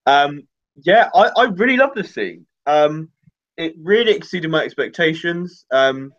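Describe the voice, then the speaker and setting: A young man hosting a casual fan livestream, chatty and quick to laugh, with lots of fillers and restarts. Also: on the high side, lively intonation, a bit bright. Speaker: livestream host. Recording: dull lo-fi livestream audio.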